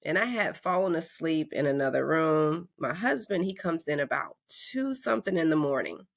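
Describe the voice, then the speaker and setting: A woman in her forties from North Carolina, hosting a podcast and telling a story in a lively, conversational way, acting out the voices in her quotes. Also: low voice, normal speed, creaky. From North Carolina, USA. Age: 40s. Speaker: podcast host. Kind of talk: casual storytelling monologue.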